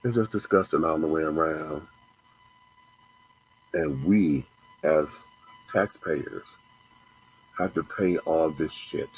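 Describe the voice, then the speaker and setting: In an extremely low, breathy voice, a man hosting a show rants slowly with frequent pauses, angry, profane and repetitive. The recording is rough.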